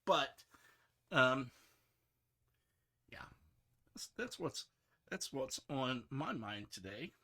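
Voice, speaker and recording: A middle-aged man, a software developer, talking casually and rambling, frustrated, with many restarts and fillers. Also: medium pitch, very animated, very slow, pauses often. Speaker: software developer streaming his work.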